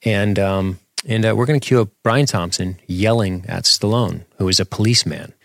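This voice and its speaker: A man's voice: fairly low pitch, moderate pace, gravelly, no echo. A man co-hosting a casual commentary podcast, rambling and searching for words as he talks. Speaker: podcast co-host.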